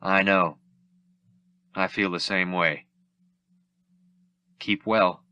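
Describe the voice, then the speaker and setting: A man's voice: low voice, fairly even intonation, extremely slow, pushed and bright, smooth, heavily acted. A man voicing a cocky, tough male space smuggler, speaking tersely in an audiobook reading. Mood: grim.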